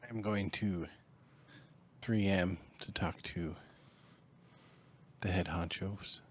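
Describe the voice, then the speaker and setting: A man playing a character at a tabletop game, speaking in a measured, mildly formal way. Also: sits low, fairly even intonation. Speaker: player.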